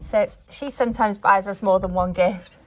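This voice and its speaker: A middle-aged woman films herself cleaning her bedroom at home, chatting to viewers in a homely way. Her mid-range voice is steady and darkish at a normal speed, and she's a little out of breath from the work.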